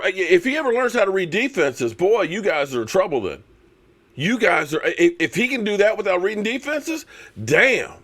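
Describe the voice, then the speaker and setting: Lively, mocking male sports streamer. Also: high voice. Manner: animated, mocking and sarcastic, many repeats. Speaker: sports channel host. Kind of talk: live-stream fan commentary.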